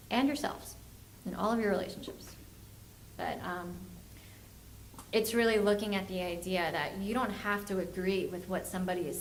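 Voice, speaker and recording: A woman's voice: mid-range voice, slight background noise. A woman, a family therapist, giving a workshop lecture and acting out the parents and kids she quotes. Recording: echoey room, faint ambience.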